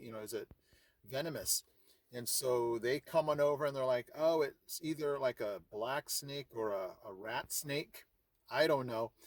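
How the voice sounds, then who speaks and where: A man's voice: mid-range voice, dry recording. A middle-aged man, hosting his vlog and telling a story casually, acting out his own reactions as he goes. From California. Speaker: vlog host.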